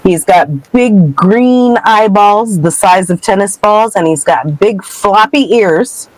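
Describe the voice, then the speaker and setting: Woman podcast co-host, casual, descriptive, slow, lively pitch. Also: no echo, low-quality recording. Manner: descriptive, unhurried.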